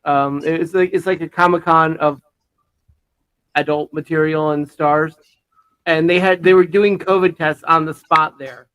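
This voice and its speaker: A man's voice: a little high, fairly even intonation, a little slow, a bit bright, clean tone, no room sound, poor audio. A man hosting a talk show, sharing casual anecdotes with some stammering.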